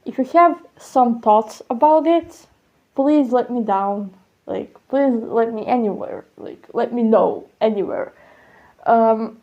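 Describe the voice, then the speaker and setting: Slow, rambling woman on a dull recording. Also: fairly high pitch, darkish tone. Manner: rambling, swearing, slow and halting. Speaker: audio diary host. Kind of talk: casual spoken musing.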